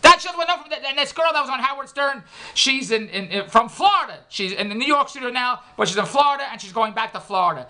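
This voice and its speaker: Fast-talking man spinning a comic rant. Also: extremely high pitch, lively intonation, bright, forceful tone. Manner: repetitive, riffing, wry self-mocking asides. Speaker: comic storyteller. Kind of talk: rambling comic monologue.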